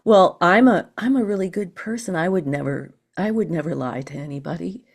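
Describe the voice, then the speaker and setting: A woman speaks as a podcast guest with a fairly low voice. She explains in a measured, teacherly way, acting out the thoughts she describes. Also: gravelly, slightly rough. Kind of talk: calm explanatory conversation.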